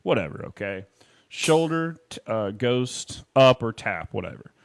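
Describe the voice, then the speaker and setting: A man's voice: medium pitch, big pitch swings, a little slow, gravelly. Chatty male drum teacher counting beats. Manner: chatty, counts rhythms aloud. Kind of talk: casual drum lesson. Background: drum kit playing.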